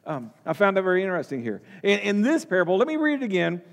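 A man's voice: sits high, huge pitch swings, quick pace, big-room sound. A man preaching a Bible-teaching sermon in a conversational way, stumbling over and repeating words and asking his listeners questions.

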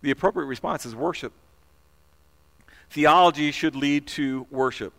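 Male pastor, sermon, earnest, slightly high voice, repeats himself, call-and-response. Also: moderate pace, bright, forceful tone.

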